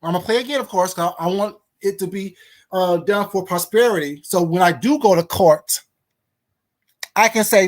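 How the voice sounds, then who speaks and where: A woman's voice: mid-range voice, normal speed. A woman hosting a live stream, indignantly firing rhetorical questions at her viewers and a caller. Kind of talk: heated live-stream rant.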